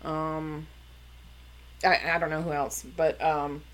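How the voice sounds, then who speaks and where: A woman with a notably low voice tells a long story in casual conversation. She talks loosely, stopping and restarting her sentences and filling pauses with "um" and "like.". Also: little pitch movement. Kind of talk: casual chat.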